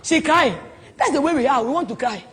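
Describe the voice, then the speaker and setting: A woman preaching at a marriage conference, animated, dropping to soft tones and rising to loud exclamations. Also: high-pitched, brisk. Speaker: prophetess. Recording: hall reverb.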